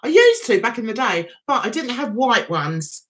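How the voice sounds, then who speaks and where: A woman's voice: a little high, big pitch swings, moderate pace. A woman with a London Cockney accent hosting a casual livestream, chatting and reading viewer comments aloud. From England. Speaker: livestream host reviewing TV.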